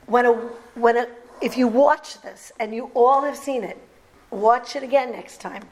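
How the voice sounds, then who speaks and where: A woman's voice: on the high side, a little hiss or hum, poor audio. A middle-aged woman who teaches brides, giving a talk to women and telling stories, acting out quotes with laughter. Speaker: bridal teacher and speaker.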